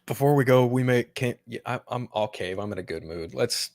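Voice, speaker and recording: A man in his thirties with a middle-pitched voice co-hosts a casual chat. He sounds relaxed, laughs easily and swears now and then. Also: a little fast, no room sound, clean studio sound. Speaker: co-host.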